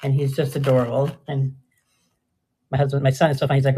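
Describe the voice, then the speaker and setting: A woman's voice: a bass voice, little pitch movement, fast, warm tone, husky. An older woman chatting casually and rambling through a live jewelry sale, often trailing off mid-sentence. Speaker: live-stream jewelry seller.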